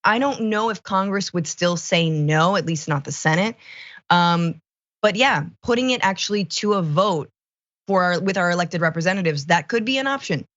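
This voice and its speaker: A woman co-hosting a political commentary show, speaking casually with sarcastic, expressive mockery. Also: on the low side, normal speed, no echo, muffled recording. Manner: sarcastic, expressive, mocking impressions.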